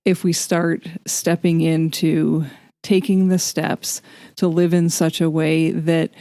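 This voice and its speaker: A woman's voice: sits low, flat delivery, takes it slowly, mellow, no room sound, clean studio sound. A woman co-hosting a faith podcast, talking in an earnest, candid way and laughing easily. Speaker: podcast co-host. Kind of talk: reflective faith podcast chat.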